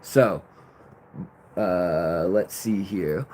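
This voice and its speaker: A man with a voice on the low side hosts a casual late-night livestream outdoors, speaking at a measured pace. He rambles loosely, greets viewers by reading their chat names, and sometimes raps along.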